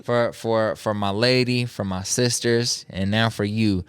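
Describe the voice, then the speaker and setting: A lower-pitched man hosts a casual podcast conversation, recorded dry and close with no room sound. He tells anecdotes with energy and jumps into high, playful voices when he quotes people. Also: a little slow, clear, resonant tone, no echo. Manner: animated storyteller, acts out quotes in high voices. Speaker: podcast host. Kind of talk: casual interview chat.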